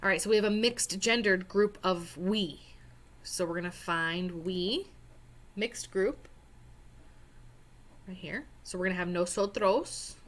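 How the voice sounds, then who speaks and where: In a screen-recorded lesson walkthrough, a young Spanish teacher patiently guides students through a language worksheet and spells out words. She uses a mid-range voice at a measured pace with long pauses.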